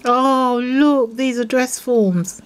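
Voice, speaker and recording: A woman showing off craft mail from friends, gushing and excitable, with gasps and breathy whispered exclamations. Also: high voice, drawn-out words. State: unwell. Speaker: craft vlogger opening mail from viewers. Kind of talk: casual unboxing vlog.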